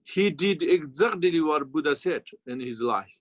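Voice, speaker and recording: Slow-speaking Tibetan-accented male teacher. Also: on the high side, lively intonation, dry recording. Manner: slow, halting speech with non-native English grammar. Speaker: Buddhist teacher. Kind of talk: dharma teaching commentary. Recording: dull, lo-fi sound.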